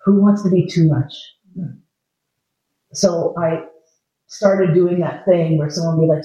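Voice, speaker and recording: A man's voice: on the high side, fairly even intonation, measured pace, pauses often, dark tone. A man giving a candid live lecture to an audience, telling personal stories in a frank, funny way with casual swearing. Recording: echoey, dull lo-fi room recording.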